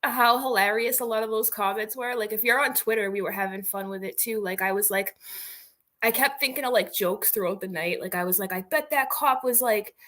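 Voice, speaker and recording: Woman going live, bright voice, rambly and giggly, says like a lot. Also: mid-range voice, brisk. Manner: chatty, rambling, giggly, heavy on "like". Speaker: livestream host. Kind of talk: casual livestream chat.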